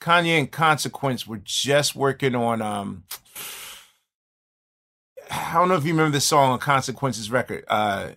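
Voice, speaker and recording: Brief: bright, clear-toned man, rambling reflective storyteller. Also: mid-range voice, lively intonation, moderate pace. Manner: rambling, reflective, many restarts. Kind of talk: casual storytelling chat.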